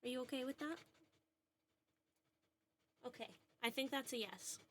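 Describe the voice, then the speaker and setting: Higher-pitched woman streaming from home. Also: unhurried, slight background noise. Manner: soft, cooing talk soothing her dog. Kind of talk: casual livestream chat. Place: at home indoors. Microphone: desk microphone.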